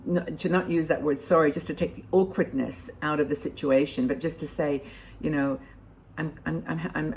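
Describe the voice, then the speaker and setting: Older woman host, low pitch, gravelly fry, rambling advice talk full of fillers. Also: darkish tone, slight background noise. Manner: rambling, many fillers and restarts. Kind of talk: casual advice talk to camera.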